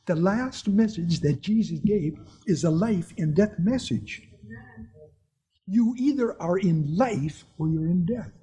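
A man's voice: high-pitched, animated, slow, mellow, slightly rough. A man preaching a sermon to his congregation, telling personal stories in an earnest way and chuckling at his own anecdotes.

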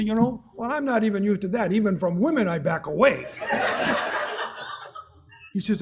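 A man's voice: high voice, expressive, normal speed, long pauses. A man preaching a sermon to his congregation, telling personal stories in an earnest way and chuckling at his own anecdotes.

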